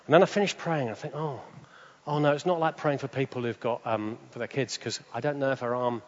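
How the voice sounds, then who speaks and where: Animated preacher in an echoing hall. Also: male voice, fast talker. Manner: animated, jumps to high excited pitch. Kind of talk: sermon with storytelling. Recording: dull sound with long hall reverb.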